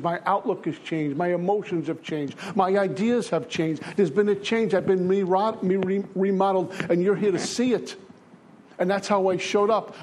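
A man's voice: high-pitched, darkish tone, slight background noise. An older man giving an earnest, repetitive personal testimony as a speaker at a recovery meeting.

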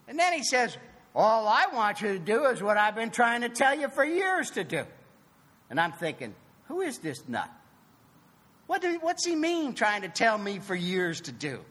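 A man giving a personal recovery testimony, animated and emphatic, acting out both sides of a conversation. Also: high voice, moderate pace, big-room sound. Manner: emphatic, swings from loud to soft. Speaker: recovery meeting speaker.

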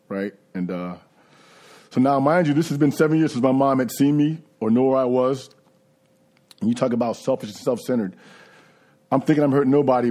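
A man's voice: mid-range voice, mellow. A man giving a candid, conversational personal recovery testimony. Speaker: recovery speaker.

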